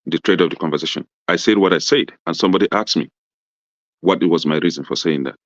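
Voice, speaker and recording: Man, panelist, very deep voice, defensive, dry dull sound. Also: fast talker, no room sound. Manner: defensive, insistent. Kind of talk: live panel debate.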